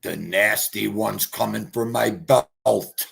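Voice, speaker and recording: Brash, profane New livestream host. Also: male voice, medium pitch, normal speed, creaky, hardly any pauses, fairly bright tone. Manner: brash, profane, greets chatters. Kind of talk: casual livestream chat.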